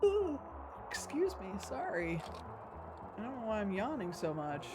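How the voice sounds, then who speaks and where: A woman's voice: medium pitch, big pitch swings, unhurried, music in the background. A woman chatting casually to her stream chat while playing a video game, rambling and joking. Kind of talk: casual gaming stream commentary.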